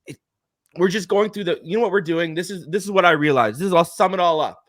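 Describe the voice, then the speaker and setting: A man in a podcast roundtable, arguing his sports points emphatically in quick bursts. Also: high-pitched, fairly bright tone, no room sound, studio quality. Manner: emphatic, argumentative, rapid bursts. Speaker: podcast guest. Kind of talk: heated sports roundtable debate.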